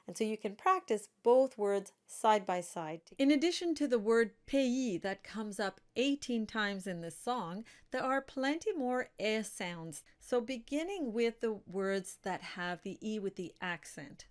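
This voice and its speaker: A woman singing teacher giving a pronunciation lesson, demonstrating each vowel sound slowly and carefully. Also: medium pitch, lively intonation.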